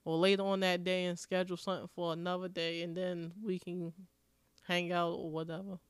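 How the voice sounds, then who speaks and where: A woman's voice: on the low side, little pitch movement, brisk, clear, resonant tone, no room sound. A young woman from Maryland co-hosting a podcast, chatting casually and bluntly, telling stories and cursing freely. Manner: blunt, storytelling, curses freely. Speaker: podcast co-host. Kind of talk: casual chat.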